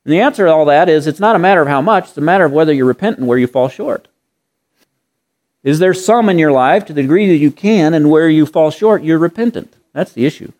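A man's voice: fairly high pitch, expressive, fast talker, a little mellow. A man preaching a sermon in an earnest way, piling up rhetorical questions and repeating phrases for emphasis.

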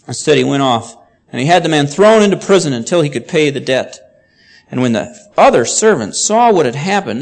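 A man's voice: medium pitch, vocal fry. A man preaching, explaining a passage of scripture and reading it aloud with rising emphasis. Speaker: pastor. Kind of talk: sermon.

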